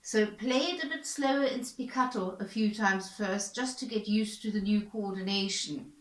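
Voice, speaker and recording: A woman's voice: medium pitch, moderate pace, echoey room, poor audio. A woman violin teacher patiently explaining bowing practice, repeating points and encouraging the student. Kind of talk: instructional explanation.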